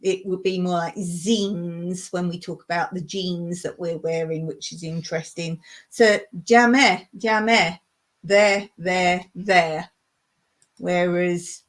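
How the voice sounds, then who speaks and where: A woman hosting a casual home livestream, chatting and patiently explaining things while repeating words. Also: lowish voice. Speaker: livestream host. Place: home in rural Cyprus.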